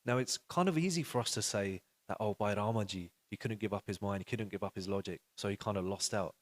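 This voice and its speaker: A man giving an animated storytelling talk to a live audience, acting out quoted dialogue and putting questions to the listeners. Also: fairly low pitch, quick pace. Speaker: speaker at a religious youth session.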